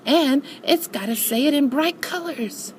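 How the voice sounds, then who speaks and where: An older woman voicing a bouncy, excitable male tiger who hoots his lines while reading a storybook. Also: high-pitched, measured pace, a little hiss or hum, voice pushed up. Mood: excited. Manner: excited hooting.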